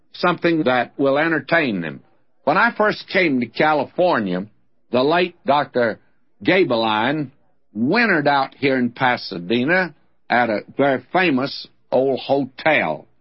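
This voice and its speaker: An older man with a Southern US drawl preaches on radio in a folksy, plain-spoken way, his pitch swinging widely as he tells stories. His voice is a little husky. The old broadcast recording sounds dull and muffled. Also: big pitch swings, a little slow. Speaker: radio Bible teacher. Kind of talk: radio sermon.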